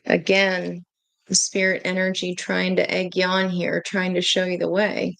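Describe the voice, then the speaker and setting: A woman giving a casual tarot reading to her viewers, chatty and excitable, breaking into gushing exclamations. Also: fairly low pitch, a little slow, gravelly, no room sound. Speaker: tarot reader.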